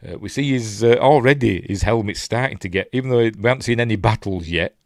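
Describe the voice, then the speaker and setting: Rambling Yorkshire man, low voice. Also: fast, no room sound, studio quality. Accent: Yorkshire English. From Yorkshire, England. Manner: rambling, self-interrupting, quotes lines in put-on voices. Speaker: movie reviewer. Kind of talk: casual film breakdown.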